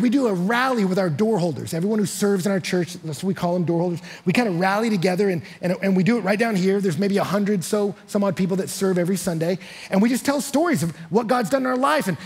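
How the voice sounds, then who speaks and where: A man preaching a sermon as pastor, an energetic storyteller who acts out quotes and often repeats his first words. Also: slightly rough. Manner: energetic storyteller acting out quotes, rising loud and high in excitement; repeats words when starting sentences. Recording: live church sanctuary.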